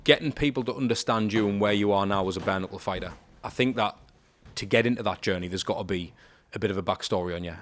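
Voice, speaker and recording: Fast-talking low-voiced male podcast host. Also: a little hiss or hum. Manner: warm-up thanks, loose questions with fillers. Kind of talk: podcast interview. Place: gym.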